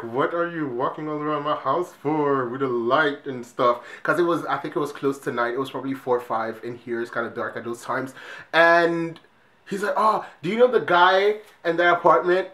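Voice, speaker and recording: A young man vlogging, telling a story in an animated way, swinging between loud exclamations and hushed whispers. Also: mid-range voice, roomy sound.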